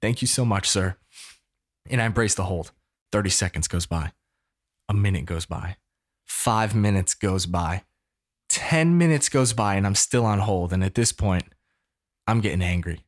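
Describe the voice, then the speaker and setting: A man in his thirties from the United States, telling a story casually in an animated, preacher-like way. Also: sits low, a little slow, long pauses. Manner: animated, preacher-like call-and-response.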